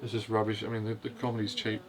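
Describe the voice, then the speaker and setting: A man's voice: on the low side, monotone, fast, a crowd in the background. A man casually reviewing a film, hesitant and rambling, with constant "you know" fillers. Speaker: host of a film review video.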